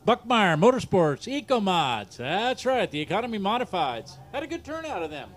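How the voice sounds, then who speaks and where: A man's voice: high-pitched, sing-song. A man with a Southern US accent announcing a dirt track race live over the PA, joking and rattling off the starting lineup. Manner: joking, laughs at himself, reads lineups briskly.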